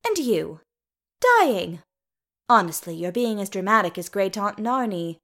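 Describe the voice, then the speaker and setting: A woman voicing a fierce, bossy dwarf mother who snaps orders and scolds in a sharp, commanding way. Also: medium pitch, normal speed, lightly acted. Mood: exasperated.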